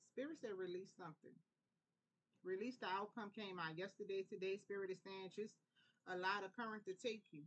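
A woman from New Orleans with a New Orleans accent, giving a relaxed, prayerful tarot reading in a conversational way. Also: medium pitch. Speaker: tarot reader. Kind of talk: casual spiritual tarot reading.

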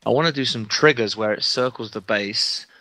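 A man talks casually over his live game, rambling and thinking aloud as he moves his squad around. His voice sits a bit low, with a bright, forceful edge that cuts through clearly. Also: moderate pace, low-quality recording. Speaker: streamer. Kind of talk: casual gaming commentary.

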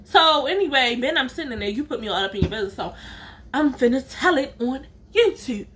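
Lady doing a storytime vlog, slangy and animated, kinda high and sharp-toned. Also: a little fast, a little hiss or hum. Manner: animated, slangy, emphatic retelling; acts out other people's lines in her own voice. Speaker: vlogger. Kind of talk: casual storytime.

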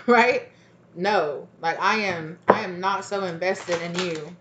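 A woman doing a casual tarot reading, animated and profane, with frequent laughter and quoted asides. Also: mid-range voice, slow, long pauses, lo-fi sound, a little hiss or hum. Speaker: tarot reader.

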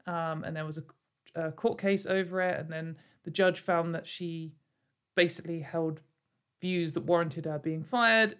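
A woman hosting a casual commentary show, rambling and sarcastic, with lots of fillers and little laughs. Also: fairly low pitch. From United Kingdom. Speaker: commentary video host.

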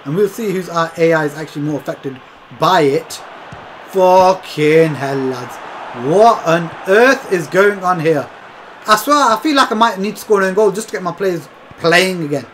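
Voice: medium pitch, moderate pace, a bit bright, slight background noise. A gaming commentator talking through a football video game match, exasperated and swearing often, calling the viewers lads. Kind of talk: live gameplay commentary.

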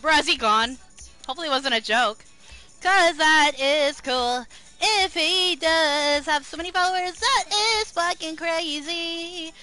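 A young woman streaming live, chatting excitably to her viewers, swearing freely and singing along to music now and then. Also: very high-pitched, measured pace. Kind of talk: casual live-stream chat.

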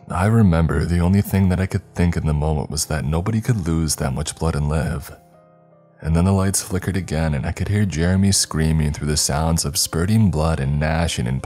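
A man narrating a horror story in a measured, grave storytelling manner. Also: rumbling low, darkish tone.

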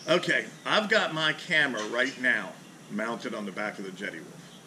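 A man with a drawl rants in a folksy, profane, no-nonsense way, talking straight into a camera mounted on his boat. He sits outdoors under a carport, his voice at an everyday middle pitch. Steady outdoor noise runs clearly under his talk. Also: normal speed. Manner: blunt, profane, ranting, folksy. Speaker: fishing charter captain and channel host. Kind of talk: casual ranting vlog. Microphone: camera mounted on the back of a boat.

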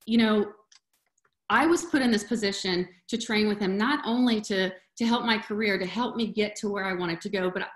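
A woman's voice: medium pitch, a bit bright, roomy sound. A woman presenting on a video call in a casual, heartfelt way, sometimes getting choked up. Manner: emotional, chokes up at times. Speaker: webinar presenter.

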